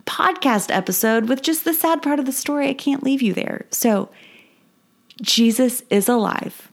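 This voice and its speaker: A woman hosts a kids' Bible lesson podcast with a somewhat high, bubbly voice. She talks with enthusiasm, leaning on key points and repeating them. She takes her time between phrases. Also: animated, unhurried. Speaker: Bible teacher and podcast host.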